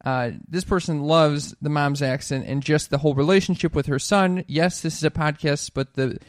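A man's voice: a little high, normal speed, no room sound, clean studio sound. A young man co-hosting a comedy podcast with his mother, upbeat and often stumbling over his words. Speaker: podcast co-host. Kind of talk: casual chat.

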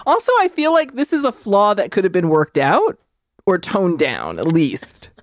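A woman's voice: medium pitch, sing-song, moderate pace, no echo, clean studio sound. A woman in her forties co-hosting a podcast, chatting casually about movies with wry, sarcastic asides. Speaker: podcast co-host.

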